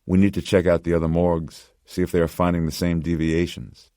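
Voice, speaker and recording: Male narrator as a sharp woman doctor, brisk, probing. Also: low-pitched, little pitch movement, dry recording, clean studio sound, close to an everyday voice. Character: sharp female doctor, alert colleague.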